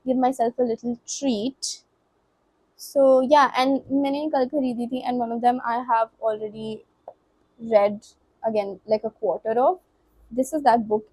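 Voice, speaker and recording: Teen woman, Delhi accent, higher voice, a bit husky; loose, stumbling chat, close and dry. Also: a little mellow, no room sound, poor audio. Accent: Indian English, Delhi. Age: late teens. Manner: rambling, self-interrupting, stumbles over words; switches between English and Hindi mid-sentence. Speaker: book vlogger. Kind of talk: casual unscripted chat.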